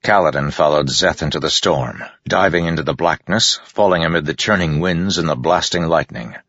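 Deep-voiced man narrating an audiobook. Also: moderate pace, a bit bright, no echo. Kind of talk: scripted fantasy narration. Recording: dull lo-fi dry audiobook recording.

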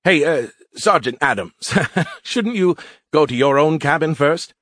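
A man voicing a smug high-pitched AI beer can. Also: unhurried, no room sound, studio quality. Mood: teasing. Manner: mocking, teasing, high and excitable.

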